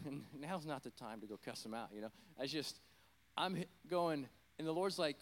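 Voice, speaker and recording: A man's voice: medium pitch, moderate pace, pauses often. A middle-aged man, a former pastor, preaching a conversational sermon and telling a personal story, rambling with self-deprecating, apologetic asides.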